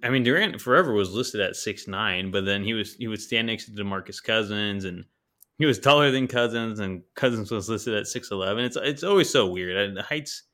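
A man's voice: lowish voice, brisk, sharp tone. A man co-hosting a casual sports podcast, talking with enthusiasm and casual slang.

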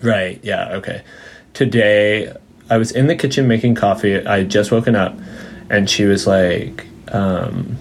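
A man chats as a podcast guest in a low, gravelly voice. He rambles through stories with many fillers and laughs, and slips into his mother's voice when he quotes her. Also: fairly even intonation, normal speed. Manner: acts out his mom's voice when quoting her. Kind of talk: casual chat.

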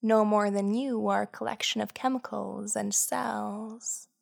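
A woman voicing a cheerful, cryptic old woman in an audio story, sweet and gently chiding. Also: medium pitch, steady tone, measured pace, gravelly.

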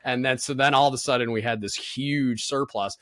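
A man's voice: mid-range voice, fairly even intonation, brisk, fairly bright tone, dry recording. A man in his thirties, a podcast guest, telling work stories in casual chat with lots of fillers and swearing. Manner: blunt, profane, storytelling with lots of fillers.

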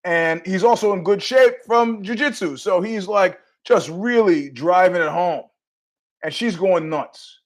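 A man's voice: sits high, measured pace. A man hosting his own podcast, telling a story casually and animatedly, acting out the people in it. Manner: animated, acts out quoted voices, laughs at his own story. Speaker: podcast host.

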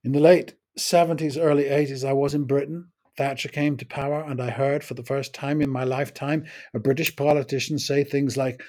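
A man's voice: medium pitch, fairly even intonation, normal speed, gravelly, hardly any pauses, darkish tone. A man in his sixties, raised in the United States, giving a wry, opinionated spoken essay on his own podcast.

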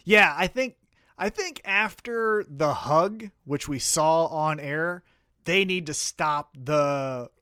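Smooth and somewhat high, this man's voice moves at a slow pace in a dry, studio-quality recording. He's a podcast co-host chatting casually, swearing freely and acting out quotes as he tells stories.

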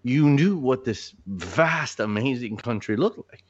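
A man's voice: medium pitch, expressive, measured pace, slightly rough. A man from Miami, a filmmaker, chatting casually and enthusiastically about movies. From Miami, United States. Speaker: filmmaker guest. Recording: slightly dull lo-fi audio.

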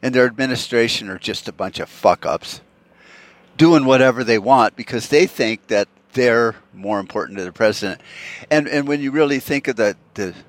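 A man's voice: mid-range voice, moderate pace, no echo. Profane rambling man podcasting. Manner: profane, rambling, with frequent fillers and restarts. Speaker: podcast host. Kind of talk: solo podcast rant.

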